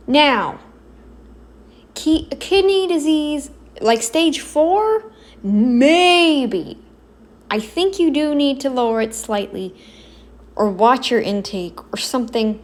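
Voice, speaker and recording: A woman giving casual reaction commentary, halting and self-correcting, blunt and exasperated in her opinions. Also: high-pitched, lively intonation. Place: home, kneeling then seated.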